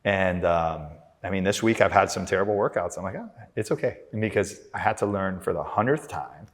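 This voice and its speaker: A man's voice: low voice, a little fast. A man chatting casually as a podcast guest, rambling through self-deprecating stories about his habits. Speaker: clinic managing director, podcast guest. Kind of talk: casual interview chat. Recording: reverberant room.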